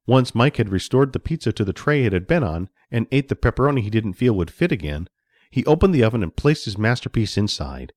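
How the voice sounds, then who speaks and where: A man reading a children's story aloud with expressive storytelling. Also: lowish voice, fairly quick, no echo, clean studio sound. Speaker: narrator.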